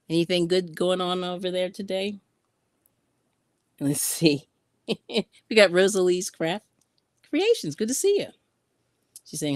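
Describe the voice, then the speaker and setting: Sewing in yarn ends during a casual craft live stream, a woman chats, reads viewer comments aloud, and laughs often. Her voice is on the low side, captured with clean studio sound and no room tone.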